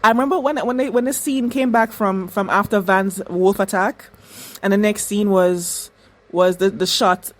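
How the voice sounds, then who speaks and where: A woman in a casual TV reaction vlog, voice at an ordinary middle pitch. She talks back at the screen and stacks up repeated phrases for emphasis. She swears openly as she reacts. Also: fairly even intonation, moderate pace. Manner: emphatic and repetitive, swears freely. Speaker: reaction vlogger.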